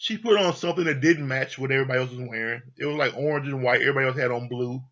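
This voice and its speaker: A man's voice: medium pitch, rapid-fire, a bit bright, lo-fi sound. A man giving a casual, blunt and profane recap of a reality TV episode, often breaking into laughter. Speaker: reality TV reviewer.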